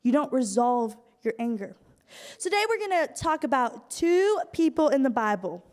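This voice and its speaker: A young woman from Iowa giving a lively youth group talk, telling stories with acted asides. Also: high voice, moderate pace. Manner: animated storytelling with acted asides. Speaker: youth speaker. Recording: hall reverb from a live room.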